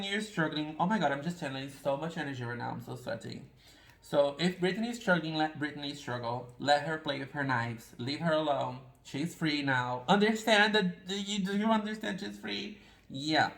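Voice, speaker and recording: A man's voice: mid-range voice, vocal fry, a bit bright, echoey room, low-quality recording. A man giving a casual pick-a-card tarot reading, talking in a rambling, confessional and self-deprecating way.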